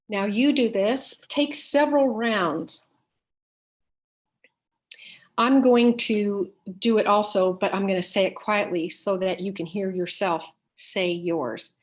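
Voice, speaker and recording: Woman calmly guiding a body exercise. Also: mid-range voice. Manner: calm, step-by-step instructions with pauses. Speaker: workshop presenter. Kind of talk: guided body-awareness exercise.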